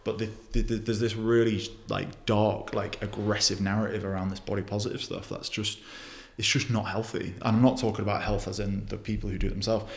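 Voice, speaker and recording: Young guy, rapid blunt podcast guest, fairly low voice, swears a lot, echoey room. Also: level tone, creaky. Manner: blunt, frequent swearing, many restarts. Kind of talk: casual interview chat.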